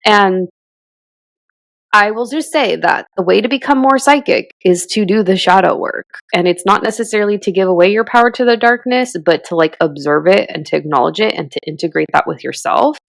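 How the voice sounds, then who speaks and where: A woman's voice: medium pitch, a little fast, vocal fry, dry recording. A woman in her thirties co-hosting a podcast, talking in a rambling, reflective way full of fillers. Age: 30s. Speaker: podcast co-host. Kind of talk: casual chat.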